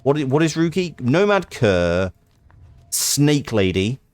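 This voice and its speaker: A man's voice: mid-range voice, very animated, takes it slowly, darkish tone, dry recording. A man streaming a game live, chatting casually and thanking viewers. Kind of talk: live-streamed game playthrough with reading aloud.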